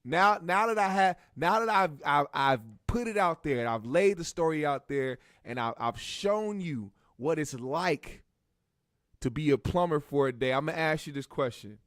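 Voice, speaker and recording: A man with a high speaking voice hosts a comedy talk show and tells stories in a profane, animated way, jumping into voices. The sound is dry and close to the mic. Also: moderate pace, no room sound. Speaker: host.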